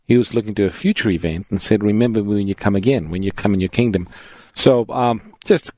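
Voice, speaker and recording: A man co-hosting a call-in radio Bible program, adding a measured point and introducing callers. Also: on the low side, a little mellow, no room sound. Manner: measured, gives phone number and introduces callers. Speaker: co-host of radio Bible show.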